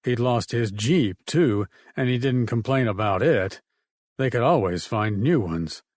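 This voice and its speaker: A man reading an audiobook in a steady, measured narration. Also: medium pitch, dry recording. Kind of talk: scripted narration.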